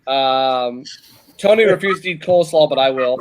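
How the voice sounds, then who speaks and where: A man's voice: mid-range voice, normal speed, slight background noise, rough recording. A man co-hosting a casual livestream chat, rambling through plans and lists. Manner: rambling, listing things off. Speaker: co-host.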